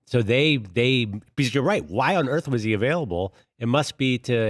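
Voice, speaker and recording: A man's voice: medium pitch, animated, moderate pace, background noise. Questioning, contrarian male co-host. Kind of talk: casual sports talk.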